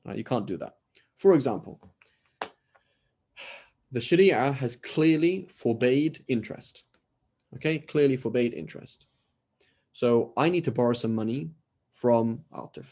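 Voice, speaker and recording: Man, British accent, warm mellow tone, conversational lecture, frequent "right?", video call audio. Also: medium pitch, expressive, a little slow, pauses often. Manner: conversational, keeps asking "right?" and acts out little dialogues. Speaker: Islamic scholar teaching a class.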